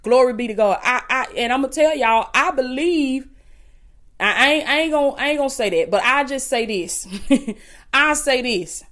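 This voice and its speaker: Fervent Southern woman preaching, fairly high voice. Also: animated, normal speed, a bit bright. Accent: Southern US (Alabama). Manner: impassioned, repetitive, calls listeners "baby". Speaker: podcast host and preacher. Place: at home.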